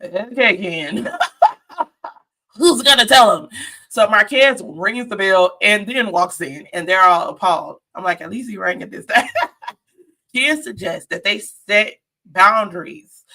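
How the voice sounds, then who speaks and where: A woman's voice: mid-range voice, expressive, slow pace, pushed and bright. A woman giving a chatty, sassy live-stream recap of a reality show, talking straight to her viewers.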